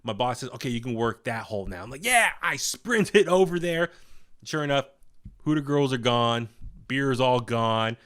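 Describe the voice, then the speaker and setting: A man's voice: medium pitch, animated, normal speed, a bit bright, smooth. Young guy telling a long story on a podcast, lots of um and uh, does little voices for people. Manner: rambling, many fillers and restarts; acts out quoted voices. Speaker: podcast guest. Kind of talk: casual storytelling.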